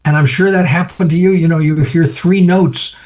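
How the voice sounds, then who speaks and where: An older American photographer in an interview, talking reflectively and acting out little scenes in a lively voice. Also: male voice, moderate pace. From United States. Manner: animated storyteller, acts out quoted voices with big pitch jumps. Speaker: photographer guest.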